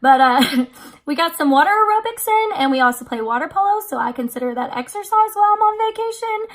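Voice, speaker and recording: A woman's voice: extremely high pitch, animated, a little fast. A woman in her twenties, a vlogger, casually telling a trip story with many fillers. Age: 20s.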